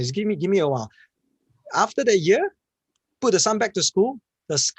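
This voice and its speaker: Husky man telling stories earnestly. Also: fairly high pitch, dry recording. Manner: earnest, emphatic, repeats words as he restarts. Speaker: panel speaker on cyberwellness. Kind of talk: conversational storytelling answer.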